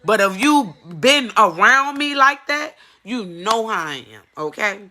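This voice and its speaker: Woman, emotional personal testimony, earnest and pleading, bright forceful tone, repeats herself for emphasis. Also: on the high side, expressive, a little slow. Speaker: mother giving a personal testimony.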